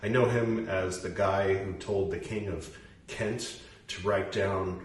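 A man's voice: low-pitched, fairly even intonation, a little slow. A man reading a text aloud and stopping often to muse over it and question it in a casual way. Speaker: reader and commentator. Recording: roomy echo, distant mic, faint noise.

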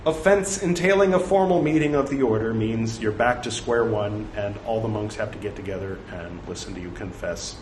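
With a fairly low, darkish voice, the scripture reader keeps a moderate pace and hardly pauses at all. He still interrupts the translated text with wry jokes, and the recording has a roomy echo, faint ambience, and slight background noise.

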